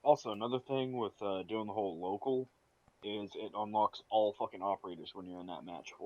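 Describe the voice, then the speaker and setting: A man's voice: on the low side, brisk, dry recording. A man co-hosting a casual gaming podcast, ranting and swearing freely. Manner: profane, ranting. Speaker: podcast co-host. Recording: dull lo-fi sound.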